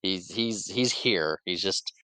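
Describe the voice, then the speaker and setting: This podcast co-host takes it slowly while recounting a movie plot in a loose, lively way, full of restarts and fillers, with quick character voices. He has a slightly low, bright, crisp voice. The sound is close and dry, with no room sound.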